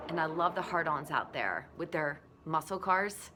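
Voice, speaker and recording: A woman in her forties, a blogger giving a candid, animated motivational talk. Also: low voice, moderate pace, noisy background.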